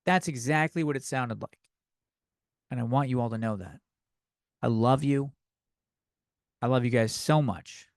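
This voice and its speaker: A man's voice: medium pitch, a little slow, pauses often, dry recording. Young guy ranting on his podcast, kinda tipsy and out of breath, swears a lot, dry close sound. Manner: profane, loose and slightly tipsy. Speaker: podcast host. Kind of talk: rambling comedic rant.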